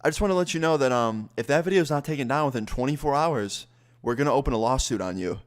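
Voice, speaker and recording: A man's voice: mid-range voice, lively intonation, fast, lightly acted. A stubborn, demanding woman teacher, quoted by a young man in his own voice. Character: pushy, insistent woman schoolteacher.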